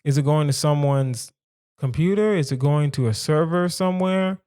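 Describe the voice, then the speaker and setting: A man's voice: a little high, normal speed, mellow, clear, resonant tone. A man hosting a solo comedy podcast, rambling playfully through silly questions he asks himself. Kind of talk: casual solo podcast musing.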